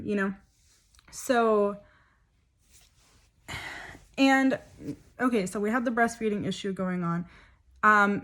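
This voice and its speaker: A woman's voice: mid-range voice, fairly bright tone. A young woman talks straight to her viewers. She tells her story in an open, emotional way. Her speech is loose and full of fillers and side remarks. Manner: chatty, emotional, many fillers. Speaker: vlogger. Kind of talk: personal storytelling vlog.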